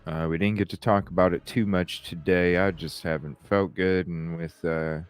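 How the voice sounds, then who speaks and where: A man's voice: low-pitched, fairly even intonation, normal speed, smooth, dry recording. A man hosting a live podcast, chatting casually, laughing often and swearing as he rambles. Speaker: podcast host. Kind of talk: casual live-stream chat.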